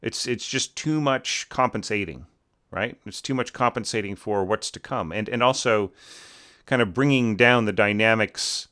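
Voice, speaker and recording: A man's voice: lowish voice, normal speed, a bit bright. Rambling man critiquing a score. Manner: rambling, many fillers, sings phrases as bum bum. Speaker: orchestration teacher reviewing scores. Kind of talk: casual spoken critique.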